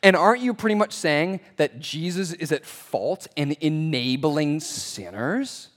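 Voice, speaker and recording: A man's voice: fairly high pitch, lively intonation, unhurried, long reverb tail. A man putting on the voice of a snarky teen who argues back with needling, sarcastic questions.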